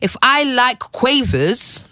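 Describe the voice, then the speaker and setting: Woman, guest in a podcast chat, bright and forthright, dry close sound. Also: high-pitched, slow, no room sound. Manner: candid, animated, says "bruv" and "I'm telling you". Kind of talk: casual chat.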